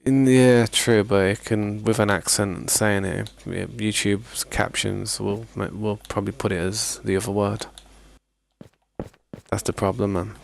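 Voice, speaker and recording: Gravelly low-voiced man. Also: steady tone, unhurried. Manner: rambling, laid-back, slangy. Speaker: gaming streamer. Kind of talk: casual gameplay chat.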